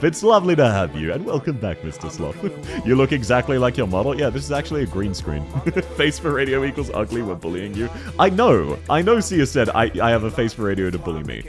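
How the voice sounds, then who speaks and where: A young Australian man streams as a VTuber, playing a game and casually chatting with viewers in a playful, teasing way, quick to laugh. His medium-pitched voice is very animated and heard over music.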